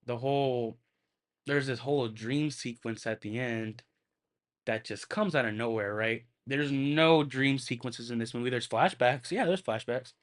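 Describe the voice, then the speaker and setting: A man's voice: medium pitch, unhurried. Rambling, foul-mouthed male podcast host. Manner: rambling, full of fillers and restarts, swears freely. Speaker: podcast host and film reviewer. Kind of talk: casual solo movie review.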